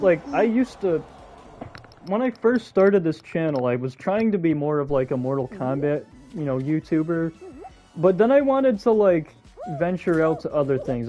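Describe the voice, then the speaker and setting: A man hosting a casual live gameplay stream, chatty and excitable, talking to his viewers. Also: a little high. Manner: chatty and excitable, talks to chat. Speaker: gaming streamer.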